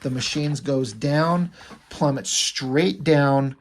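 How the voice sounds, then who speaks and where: A man's voice: mid-range voice, takes it slowly, slight background noise. A man casually recapping a comic book, loose and rambling with many fillers. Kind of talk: casual comic review narration.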